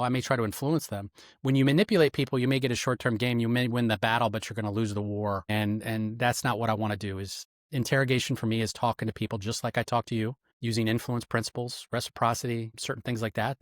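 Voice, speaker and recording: A middle-aged man, a retired federal agent, explaining interrogation methods in an interview with lively, instructive emphasis. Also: medium pitch, no echo, studio quality. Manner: animated, instructive, acts out quoted lines.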